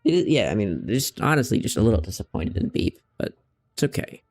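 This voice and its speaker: A male streamer with a gravelly, fry-edged voice gives casual let's-play commentary, his pitch swinging widely as he jokes and chats with his cat. Faint game music sits quietly behind him. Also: very animated, brisk. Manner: playful, chatty asides to his pet cat.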